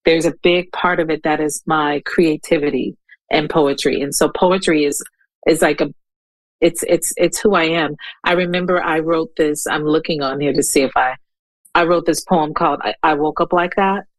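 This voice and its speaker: A woman in her fifties, a guest poet talking in an interview, who speaks haltingly and searches for her words, then reads her poem aloud. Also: sits low, steady tone, no room sound, low-quality recording. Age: 50s. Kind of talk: interview conversation with poetry reading.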